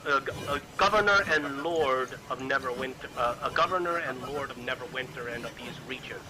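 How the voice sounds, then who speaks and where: A man's voice: medium pitch, brisk, background noise, lightly acted. A man voicing a bold, scheming female harper agent in a tabletop game, speaking in solemn, formal oaths. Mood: commanding.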